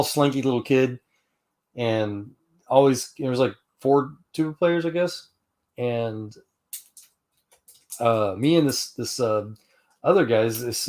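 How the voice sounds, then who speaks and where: A man's voice: mid-range voice, darkish tone. A middle-aged man from Houston hosting a casual online chat, telling a story in a rambling way with many restarts and "you know"s, and laughing now and then. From Houston, Texas, US. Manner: laughs while telling stories. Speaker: host of an online fellowship chat.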